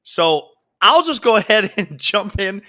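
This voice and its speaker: Bright, animated joking man. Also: high-pitched, unhurried. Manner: joking, laughing storyteller. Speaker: podcast co-host. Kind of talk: casual chat.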